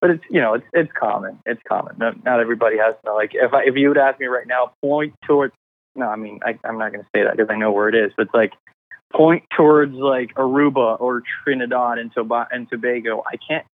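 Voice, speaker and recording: A man's voice: mid-range voice, quick pace. Laid back guy from the dominican republic, casual chat, sounds like a phone line. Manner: laid-back, rambling, repeats words. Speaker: podcast guest, business owner. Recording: tinny phone-like call audio.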